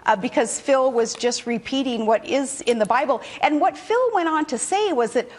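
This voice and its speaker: A woman in her forties, appearing as a political guest on a cable news show, speaks in a high-sitting voice at a moderate pace. Her television interview manner is folksy and earnest, full of restarts and fillers.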